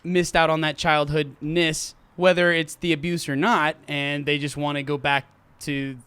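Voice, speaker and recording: A man's voice: fairly high pitch, level tone, measured pace, fairly bright tone, clean tone, dry recording. A man who is a musician guest, chatting playfully and coaching the host's singing in an encouraging way. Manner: encouraging, playful, breaks into song. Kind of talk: casual chat and vocal coaching.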